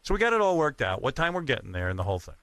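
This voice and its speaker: A man hosting a radio studio rehearsal, chatting and telling stories in an animated, complaining way. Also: medium pitch, very fast, no echo. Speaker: radio host. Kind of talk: casual studio chat.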